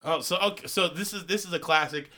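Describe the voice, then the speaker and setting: A man's voice: high voice, fast, bright, forceful tone. A slightly drunk man co-hosting a podcast in casual chat, rambling, swearing freely and restarting his sentences. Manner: rambling, profane, trails off and restarts. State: a little drunk. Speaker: podcast co-host.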